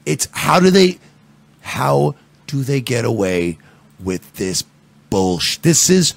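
A man's voice: medium pitch, big pitch swings, slow, creaky, pauses often, no room sound. A man hosting a podcast, ranting and swearing in an angry, exasperated way. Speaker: podcast host. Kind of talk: profane casual commentary.

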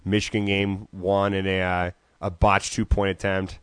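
A man's voice: sits low, little pitch movement, moderate pace, fairly bright tone, smooth, no room sound. A man co-hosting a casual podcast chat, talking loosely and profanely with many hesitations. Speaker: podcast co-host.

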